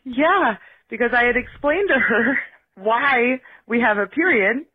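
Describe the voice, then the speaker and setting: A woman's voice: a little high, expressive, a little slow, breathy edge, no echo. Chatty woman on a tinny phone line. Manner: chatty, laughs through the story. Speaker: caller leaving a voicemail. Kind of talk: casual voicemail story.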